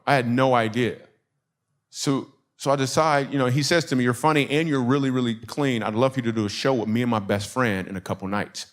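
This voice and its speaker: A man from Michigan doing a stand-up comedy set, telling stories and acting out the people in them. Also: medium pitch. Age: adult. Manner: animated, acts out quoted voices, laughter in the crowd.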